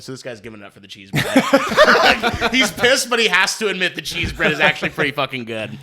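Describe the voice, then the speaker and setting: Lively podcast host dude, bright voice, bounces around a lot in pitch, laughs a bunch. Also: male voice, fast, hardly any pauses. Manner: animated, laughs often, reads reviews aloud. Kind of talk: casual podcast chat.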